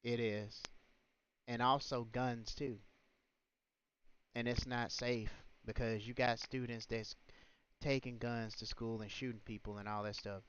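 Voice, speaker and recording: Male livestream host, mid pitch, smooth voice; indignant rant; dull lo-fi sound. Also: flat delivery, unhurried, a bit bright. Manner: indignant, rhetorical, scolding. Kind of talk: ranting livestream commentary. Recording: muffled, lo-fi stream audio.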